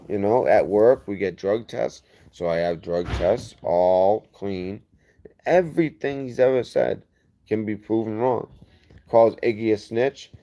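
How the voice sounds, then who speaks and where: A man hosting a casual livestream, reading viewer comments and rambling, getting heated and fast when he defends himself. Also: lowish voice, warm tone. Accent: lazy-sounding regional accent. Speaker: livestream host.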